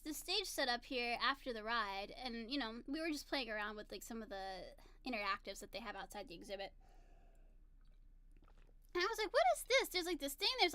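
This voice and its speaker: A woman's voice: sits high, bright, forceful tone, smooth, no room sound. A woman in her thirties chatting casually to camera, telling a story in a bubbly, giggly, gushing way. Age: 30s. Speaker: vlogger. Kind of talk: casual chat.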